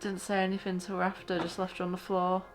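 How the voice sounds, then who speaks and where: A woman's voice: fairly low pitch, completely flat delivery, quick pace, soft background music. A woman hosting a reaction video, exclaiming, gasping and laughing as she comments casually.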